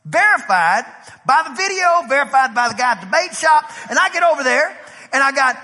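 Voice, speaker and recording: A man's voice: very high voice, brisk. A man from East Texas with an East Texas accent, a pastor preaching a storytelling sermon and acting out the dialogue. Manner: animated, acts out dialogue in the story. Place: church sanctuary. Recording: reverberant church hall.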